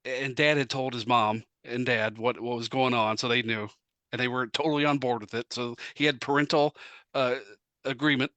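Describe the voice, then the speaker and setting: A man, a son at a family celebration, retelling a story with quick, animated delivery. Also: mid-range voice, dry recording. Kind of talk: casual storytelling.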